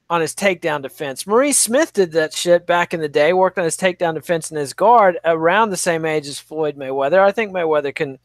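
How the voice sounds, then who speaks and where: High-voiced man giving offhand opinions. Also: dry recording. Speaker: podcast co-host. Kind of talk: casual podcast chat.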